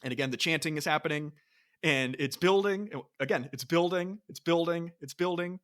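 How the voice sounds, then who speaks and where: A man's voice: fairly high pitch, moderate pace, a bit bright. A man co-hosting a music podcast in casual chat, enthusiastic, singing and beatboxing bits of songs as he talks. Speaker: podcast co-host.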